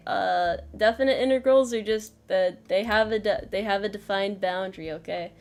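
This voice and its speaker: A woman's voice: mid-range voice, moderate pace. A woman streaming a casual math lesson, joking at her own expense, laughing often and swearing casually.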